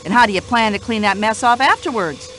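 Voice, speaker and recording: Woman acting as an older widow, indignant chatter, high-pitched, bright and sharp. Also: expressive, fairly quick, slight background noise, rough recording. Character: brash talkative older American widow. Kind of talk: radio play acting.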